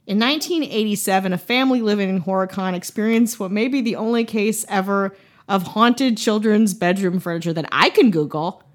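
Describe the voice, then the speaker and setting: A woman's voice: medium pitch, a little fast. Playful Wisconsin-raised woman podcast host. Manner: playful, jokey, laughs often. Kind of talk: casual storytelling chat.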